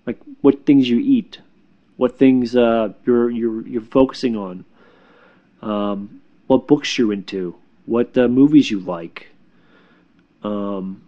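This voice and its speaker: A man who works as a spiritual healer, giving casual spiritual advice in a reassuring, halting way, with repeated words and fillers. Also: medium pitch, dull audio.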